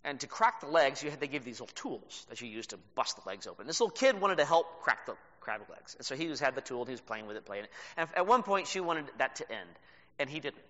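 Man preaching, lively pitch, bright tone, storytelling pastor, reverberant hall, dull sound. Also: fast talker. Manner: storytelling, animated with laughs. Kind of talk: sermon.

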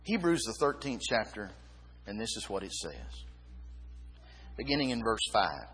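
A man preaching a sermon, emphatic, dropping low and quiet then rising again. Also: very animated, normal speed, long pauses, slightly rough. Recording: long reverb of a hall.

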